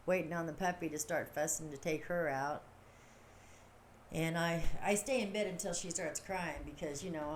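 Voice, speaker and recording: A woman hosts her own casual livestream, rambling from one thought to the next and laughing often. Her voice sits a touch low. A faint steady hiss runs beneath the close recording. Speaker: livestream host. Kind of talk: casual chat to viewers.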